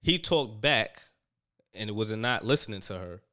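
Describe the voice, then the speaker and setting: A man casually recapping events, animated and quoting people as he goes. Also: on the low side, moderate pace. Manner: animated storyteller, quotes people in raised voices. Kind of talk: casual chat recapping a reality show.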